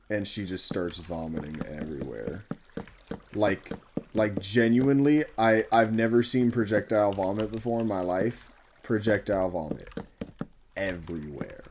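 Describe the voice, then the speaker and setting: A young man tells a storytime tale in an exasperated, rambling way, full of swearing. His voice sits at an ordinary middle pitch. A faint noise, like keyboard clicks, runs behind him. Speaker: store worker telling a story. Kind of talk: casual storytime.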